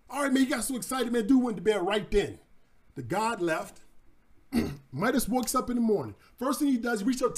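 A man teaches about trading by telling a story, talking casually and repeating himself in slang. His voice is high and moves widely in pitch. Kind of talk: storytelling lesson.

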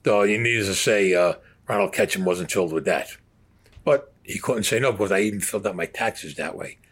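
A man's voice: fairly low pitch, a little fast, a bit bright, slightly rough. Blunt, profane New man. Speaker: interviewee. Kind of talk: storytelling.

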